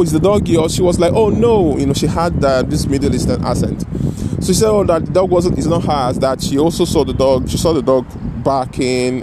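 A man's voice: mid-range voice, a little mellow, a little hiss or hum. A man telling a personal story in a casual, rambling way, often adding "you know" and "right?" and restarting his sentences. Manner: restarts and self-corrections mid-sentence.

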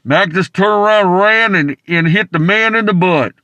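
A man's voice: sits high, normal speed, bright, forceful tone, no room sound, lo-fi sound. A man calling in to a show and telling a long, rambling story that is full of stumbles and restarts. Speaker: caller. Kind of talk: rambling anecdote.

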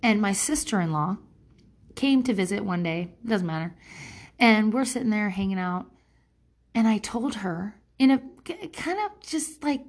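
This middle-aged woman talks at normal speed in a mid-range voice, giving frank, casual advice as a parent. Her monologue rambles off topic, with plenty of cursing and quotes performed in different voices.

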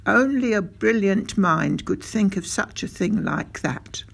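A reader voicing a tiny, excitable old country doctor, raising the voice high and stretching out the exclamations. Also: gravelly, husky, full character voice. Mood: excited. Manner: high, gushing and slowly drawn out.

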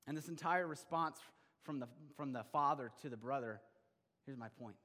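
Male pastor, sermon, slightly high voice, long church reverb, animated then hushed. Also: fairly quick. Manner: animated preaching, swinging between loud emphasis and quiet intimacy. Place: church sanctuary.

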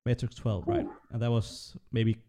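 A man hosting a relaxed panel chat, talking loosely with lots of ums and quick laughs. His voice is mellow and warm, run through a voice-changing program. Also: mid-range voice. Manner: chatty, frequent fillers and laughs. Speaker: podcast host. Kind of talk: casual panel discussion.

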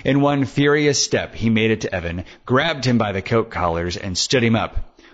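A man narrating a serial detective story, measured and steady with casual asides. His low voice comes through a dull, lo-fi recording. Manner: measured, then chatty asides. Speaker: podcast storyteller.

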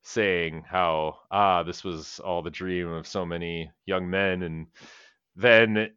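A man's voice: sits low, steady tone, slow pace, sharp tone, smooth, no room sound, muffled recording. A man co-hosting a podcast, recapping a comedy film in a rambling, profane, casual way and laughing as he goes. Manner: rambling, profane, laughs while retelling scenes. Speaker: podcast co-host. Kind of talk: casual movie-review chat.

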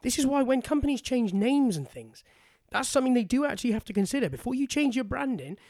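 A British woman trades wry, teasing banter as co-host of a casual chat. Her pitch swings lively up and down. The sound is dry and close. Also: fast talker, no echo. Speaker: podcast co-host.

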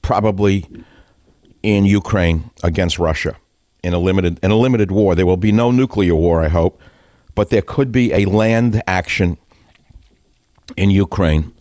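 A man hosting a talk radio show, ranting sarcastically and combatively, his pitch leaping up when he mocks. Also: measured pace, long pauses, a little mellow, no room sound.

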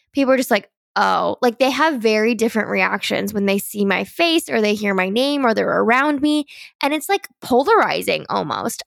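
A young adult woman hosts her own podcast solo, chatty and animated. Her voice sits a little high with a gravelly fry at the ends of phrases. The sound is dry and close, with no room around it. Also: no echo. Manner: chatty and animated, heavy use of "like". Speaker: podcast host. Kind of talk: casual solo podcast monologue.

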